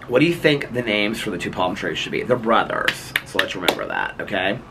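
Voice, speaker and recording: Guy rambling to his vlog cam outside, kinda low voice, bit of quiet outdoor hiss. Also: sing-song, a little fast, vocal fry. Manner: chatty, playful, rambling, laughs often. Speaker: vlogger. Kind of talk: casual chat to camera. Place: outdoors at home in the evening.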